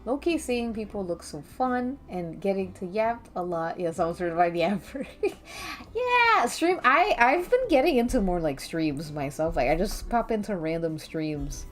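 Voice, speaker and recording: A woman's voice: mid-range voice, very animated, unhurried. A woman with a light Latina accent, chatting casually with her stream chat in a playful, talkative way. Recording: faint background music.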